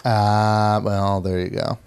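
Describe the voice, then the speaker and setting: A man's voice: lowish voice, little pitch movement, slow pace, a little mellow, clear, resonant tone, no room sound. Male co-host, dry and wry, casual chat. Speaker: podcast co-host.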